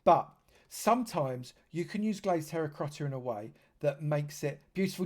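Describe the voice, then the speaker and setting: A man's voice: on the high side, lively intonation, moderate pace, a little mellow. A man from London, giving chatty live commentary on a game stream and joking with dry sarcasm. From London, England.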